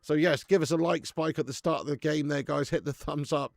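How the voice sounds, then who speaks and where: A man's voice: a little high, brisk, gravelly, no room sound, clean studio sound. A man hosting a live football watch-along stream, chatting laddishly with viewers and laughing often. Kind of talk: live stream chat and match commentary.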